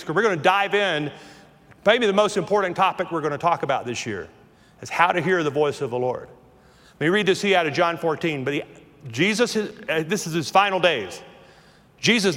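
Southern pastor in his fifties, high voice, preaches in a reverberant hall, moving between hush and loud calls. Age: 50s. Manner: swings from hushed to forceful preaching. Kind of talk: sermon.

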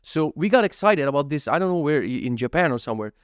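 A smooth, high-sitting male voice moves fast through a casual vlog about the speaker's day. In his thirties, he swears a lot and animatedly plays out his own thoughts, recorded in clean, echo-free studio sound.

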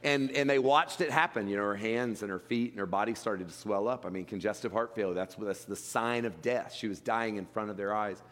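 A man preaching a sermon in a relaxed, conversational way, often restarting phrases as he talks. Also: on the low side, a little fast, few pauses. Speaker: pastor. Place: church sanctuary. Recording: long hall reverb.

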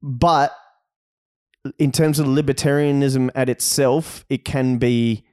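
A man with an Australian accent co-hosting a casual podcast, talking in an animated way, swearing freely and restarting his sentences often. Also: mid-range voice, takes it slowly, smooth. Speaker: podcast co-host.

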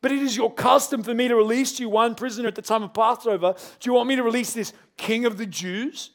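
A man's voice: extremely high pitch, fairly even intonation, fast talker, a bit bright, pitched above the performer's own voice. A man acting out an insecure middle-aged male Roman governor who asks raised, needling questions. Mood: incredulous.

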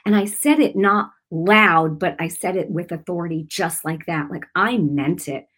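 A woman minister telling a story in a broadcast sermon, speaking in an animated, emphatic way and laughing often. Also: on the low side, normal speed.

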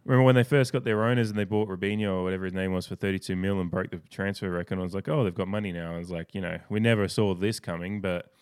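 This sports podcast co-host talks very fast with hardly any pauses, rambling animatedly through his stories and restarting sentences often. His notably deep voice carries a clean, resonant tone.

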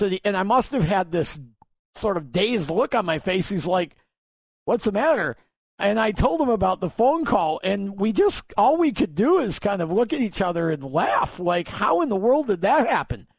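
A man's voice: high-pitched, dry recording. A man hosting a podcast, telling a long story in a rambling way with many restarts and acting out both sides of phone calls. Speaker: podcast host. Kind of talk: casual storytelling.

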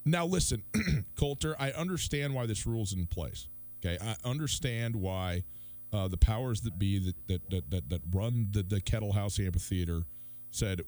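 A man in his thirties hosting a radio talk show, chatting casually and getting animated as he asks listeners to weigh in. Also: on the low side, normal speed. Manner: lively, animated storytelling with rising emphasis. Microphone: studio microphone.

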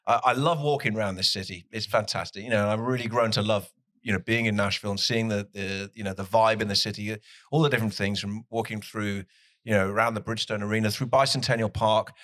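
A man's voice: lowish voice, fairly even intonation, quick pace, fairly bright tone, no echo, studio quality. A man with a southwest English accent, a soccer commentator chatting on a podcast, rambling and laughing often. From southwest England. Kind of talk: casual podcast chat.

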